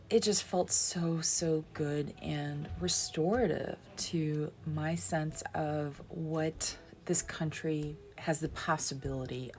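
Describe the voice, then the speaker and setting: A woman narrates her own vlog footage in a heartfelt, emotional voiceover, often close to tears. Her voice sits low with a gravelly fry, and a faint hiss of noise runs under the recording. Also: a little mellow. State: teary, crying at times. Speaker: planner vlogger.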